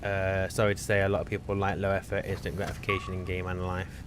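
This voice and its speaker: Low-voiced man chatting while gaming. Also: completely flat delivery, fast, background noise. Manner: chatty, self-correcting, teasing. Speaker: streamer. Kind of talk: casual gameplay chat.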